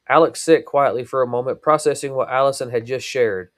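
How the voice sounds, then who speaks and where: A man, a podcast host, reading a chapter of his novel aloud in a steady storytelling voice. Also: medium pitch, fairly quick, few pauses.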